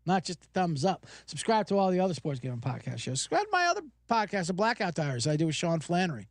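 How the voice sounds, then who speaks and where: A man hosting a podcast, telling stories in an animated, profane casual rant. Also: high-pitched, fast talker, no echo, studio quality. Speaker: podcast host.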